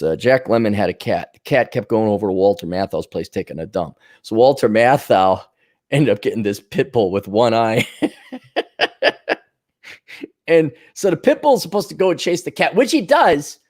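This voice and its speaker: A man's voice: medium pitch, a little mellow. A middle-aged man from Minnesota hosting a podcast, ranting casually, swearing and mocking with sarcastic impressions. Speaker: podcast host. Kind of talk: casual monologue.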